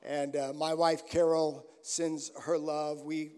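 An older American man, guest-preaching a sermon in a large church hall, speaks slowly in a clean, slightly mellow voice that sits on the high side with little pitch movement. His storytelling is folksy and full of restarts, and the recording carries the hall's echo.

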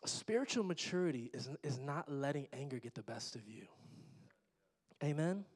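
A man's voice: medium pitch, expressive, moderate pace. A middle-aged man preaching a sermon, conversational with joking asides to the congregation. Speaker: pastor. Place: church sanctuary. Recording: long hall reverb.

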